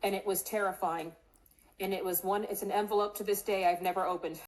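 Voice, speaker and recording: Middle-aged woman, interview guest, earnest storyteller, mid-pitched, acts out quoted lines. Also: steady tone, fairly quick, a little mellow, rough recording. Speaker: congressional candidate.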